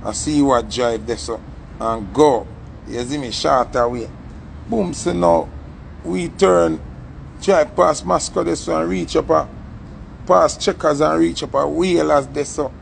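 A young man with a Jamaican accent telling a story in a casual, animated way and acting out the voices in it. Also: on the high side, unhurried, creaky, slight background noise. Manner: animated, acts out the story's voices, patois-heavy.

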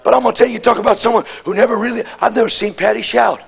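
A man preaching a Pentecostal sermon at a conference. He talks in a folksy, plain-spoken way and swings from hushed asides to shouted exhortation. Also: very high voice, fairly even intonation, very fast, vocal fry, breathy edge, muffled recording.

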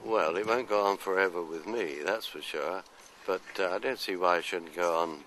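An older man from London, telling anecdotes and answering interview questions in an unhurried, rambling way. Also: deep voice, background noise. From London, England. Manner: anecdotal, unhurried, trailing off into asides. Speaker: actor being interviewed. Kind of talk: casual interview chat.

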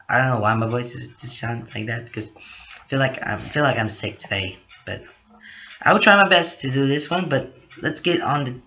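A man's voice: mid-range voice, bright, forceful tone, highs cut off, slight background noise. A man who is sick, hosting his own channel and reading a story aloud, apologetic about how his voice sounds.

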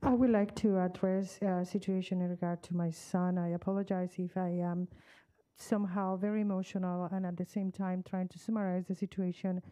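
A woman's voice: lowish voice, little pitch movement, a little fast, dark tone, no room sound, poor audio. A woman speaking as a parent at a public meeting, earnest and formal, emotional as she chooses her words carefully. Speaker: parent giving public comment.

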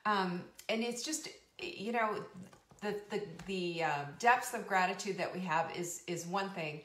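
Speaking a little slowly in a mid-range, fairly bright voice, this woman in her fifties hosts a live cooking and wellness show. She chats casually and rambles cheerfully, laughing often and repeating herself for emphasis, with roomy echo on the audio.

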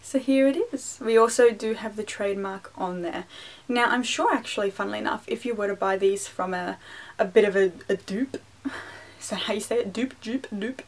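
A woman's voice: medium pitch, brisk. A young Australian woman chatting casually through an unboxing video, rambling with apologetic, self-deprecating asides. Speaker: wand collector and vlogger.

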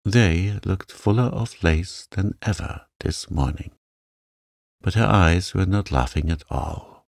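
A man narrating a sleep story for adults in a calm, gentle reading voice. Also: deep voice, vocal fry, no echo, clean studio sound. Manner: slow, soft and gentle.

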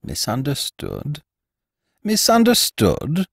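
A man voicing a weary, dazed old noblewoman in a storybook reading, talking softly and drifting between high and low pitch. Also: huge pitch swings, takes it slowly, gravelly, no echo, studio quality, heavily acted. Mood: vague, distracted. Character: old woman, a weary, vague, dazed marquesa. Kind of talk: audiobook character voice.

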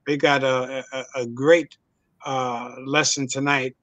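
A man hosts a laid-back conversation and often pauses on fillers. His voice sits in an ordinary middle range. The recording is dry, with no room around it. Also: medium pitch, little pitch movement, a bit bright, dry recording. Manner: easygoing, many fillers. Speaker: host. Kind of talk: casual chat.

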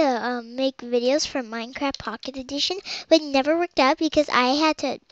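A child rambling through game commentary as host of their own let's play, with muttered asides. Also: high voice. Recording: dull lo-fi home recording.

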